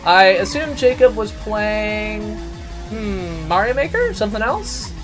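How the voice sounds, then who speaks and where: A man hosting a live game stream, chatting casually and ranting loudly in rambling asides. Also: high-pitched, big pitch swings, takes it slowly, over music.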